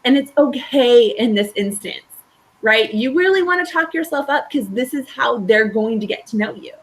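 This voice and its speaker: A woman's voice: on the high side, a bit bright, low-quality recording. A woman school counselor presenting a webinar, talking in a conversational, reassuring way with frequent fillers and tag questions.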